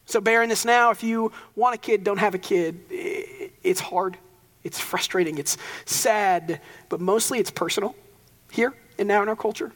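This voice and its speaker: A man's voice: high voice, normal speed, a bit bright, big-room sound. A young man preaching a sermon as pastor, casual and conversational, with joking asides.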